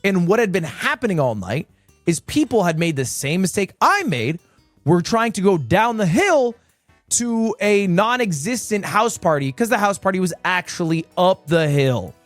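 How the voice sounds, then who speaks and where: A man in his twenties telling a rambling story on his stream, swinging between low mutters and high exclamations. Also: very animated, normal speed, no echo, faint music behind. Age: 20s. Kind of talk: casual storytelling.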